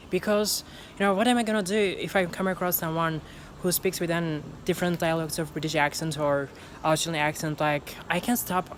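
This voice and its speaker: A woman's voice: lowish voice, a little hiss or hum. A woman talking casually in a vlog as an English learner, leaning on fillers and restarts and repeating lines aloud to practice.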